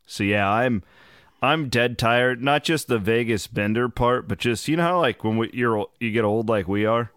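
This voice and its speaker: A man hosting his podcast in casual chat, hoarse from travel, telling loose, rambling stories with the odd swear. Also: mid-range voice, normal speed, fairly bright tone, dry recording, clean studio sound. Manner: loose, rambling, profane storytelling. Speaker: podcast host.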